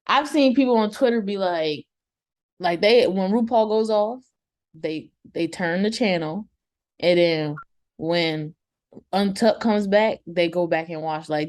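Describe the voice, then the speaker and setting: Animated slangy woman co-host. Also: fairly low pitch. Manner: animated, slangy, laughs often. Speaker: co-host of a TV review show. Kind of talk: casual review chat.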